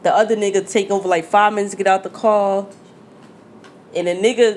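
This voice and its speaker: A woman from Jersey City hosting a podcast in casual chat, telling stories in a profane, animated way. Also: medium pitch, fairly quick, slight background noise. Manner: storytelling, profane, animated retelling. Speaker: podcast host.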